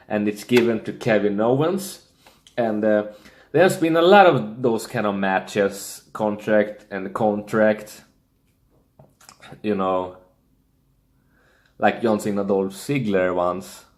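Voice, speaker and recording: Slow, hesitant man with non-native English phrasing. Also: on the low side, darkish tone. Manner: hesitant, thinking aloud with many fillers and restarts. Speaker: wrestling fan predicting matches. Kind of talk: casual solo prediction talk.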